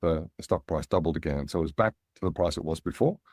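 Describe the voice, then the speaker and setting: A middle-aged Australian man, a guest in an interview, telling relaxed anecdotes and animating the voices of people he quotes. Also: a bass voice, fast, no echo, studio quality. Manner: anecdotal, animated when quoting others. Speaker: guest, angel investor.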